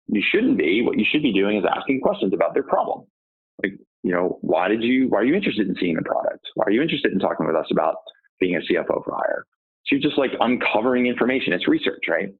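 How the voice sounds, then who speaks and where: A man's voice: medium pitch, breathy edge. A man who coaches sales, answering interview questions. He keeps asking rhetorical questions and answering them himself. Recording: tinny phone-like line.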